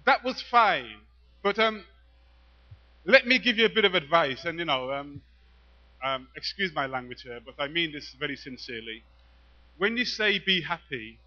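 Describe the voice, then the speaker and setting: Male spoken-word poet on stage, high, piercing voice, playful and teasing, dull muffled live recording. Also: animated, normal speed, long pauses, sharp tone. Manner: playful, teasing, rhythmic recital. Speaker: performance poet. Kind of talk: live spoken-word performance with audience call-and-response. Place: live venue in front of an audience.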